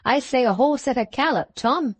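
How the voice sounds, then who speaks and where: Storybook coach guard: gruff, suspicious, threatening, pitched high, performed by a woman narrator. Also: animated, moderate pace. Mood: alert. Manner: shouting challenges, threatening.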